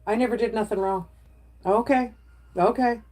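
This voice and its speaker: A woman's voice: a little high, moderate pace, warm tone. A middle-aged woman talking casually to her livestream viewers. She rambles from one thing to the next in a chatty, everyday way and stops now and then to answer comments, heard through a phone or webcam mic.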